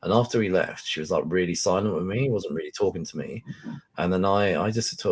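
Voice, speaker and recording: A man's voice: low-pitched, fast, a little mellow, slightly rough. A middle-aged man hosting a podcast, rambling through a self-mocking story in casual chat. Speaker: podcast host.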